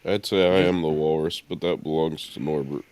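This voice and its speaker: A man's voice: rumbling low, steady tone, normal speed, darkish tone. A man chatting casually on a podcast, making short, laid-back remarks. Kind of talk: casual chat.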